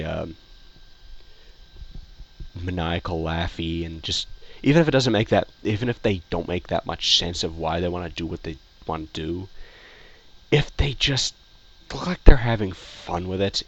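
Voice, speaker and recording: Deep-voiced rambling man reviewing. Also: normal speed, fairly bright tone. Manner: rambling, repeats himself, many fillers and restarts. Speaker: video reviewer. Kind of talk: casual opinion review.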